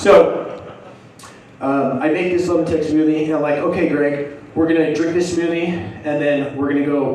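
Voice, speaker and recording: A man's voice: a little high, darkish tone, very echoey, distant mic, poor audio. A man telling a comic story on stage, hyper and laughing, acting out the people in it. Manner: hyper, laughing, acts out quotes. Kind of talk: storytelling stand-up.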